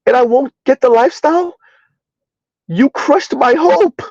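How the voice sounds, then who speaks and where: A man's voice: extremely high pitch, a little slow, vocal fry, a little mellow, dry recording, pitched above the performer's own voice, exaggerated voice. A man mimicking a whiny let-down woman. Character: whiny disappointed woman, mocked. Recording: dull lo-fi dry sound.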